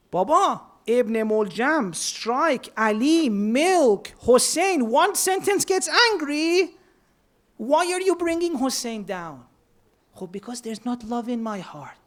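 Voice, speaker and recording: A man's voice: very high-pitched, fairly bright tone. Earnest man preaching. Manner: earnest, mixes Persian words into English. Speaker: speaker at a religious centre. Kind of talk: sermon.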